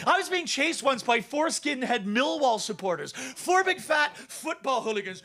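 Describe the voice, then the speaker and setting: A brash, profane Canadian man doing stand-up comedy and compering on a club stage, shouting his punchlines. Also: extremely high pitch, expressive, brisk.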